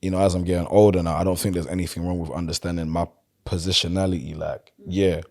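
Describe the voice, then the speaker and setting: A man with a South London accent, chatting casually as a podcast guest and telling stories in a relaxed, loose way. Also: low-pitched, fast talker. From London, England. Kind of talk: casual conversation.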